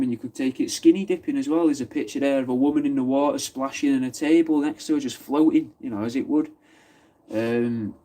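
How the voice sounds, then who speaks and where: A man's voice: mid-range voice, mellow. A man from Manchester with a Mancunian accent, chatting casually on a live stream, answering viewers' comments and swearing freely. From Wythenshawe, Manchester. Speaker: livestream host.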